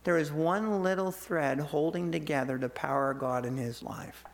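Animated male preacher telling a story. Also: fairly high pitch, normal speed, gravelly. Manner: animated storytelling, acts out quoted voices. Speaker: pastor. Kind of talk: sermon.

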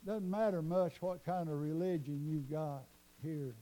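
A man's voice: a little high, measured pace, warm tone. A man preaching a revival sermon, telling a story fervently and repeating himself as his voice surges up. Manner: fervent, repetitive storytelling with sudden rises.

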